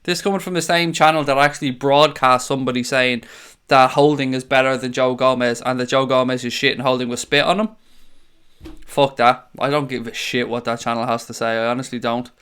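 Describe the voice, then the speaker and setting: Fairly quick and steady, this young man from Ireland has a mid-range, smooth voice with a fairly bright tone. He runs a fan channel's live stream, reading viewer comments aloud while chatting bluntly, casually and with plenty of swearing.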